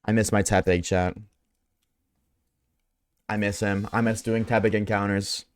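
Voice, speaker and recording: On a desk microphone, a male game streamer chats casually with his viewers while gaming, loose and full of swearing. His delivery is flat, smooth and evenly paced, though he jumps between high and low voice.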